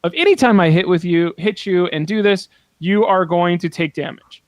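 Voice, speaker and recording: A man with a rather high voice chats on a podcast, retelling a card game match in an animated, laughing way with a few curses thrown in. His voice sits close on the microphone in a dry, dead room. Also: moderate pace, no echo, dull audio. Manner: animated storytelling, swears, laughs often. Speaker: podcast co-host. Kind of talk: casual podcast chat.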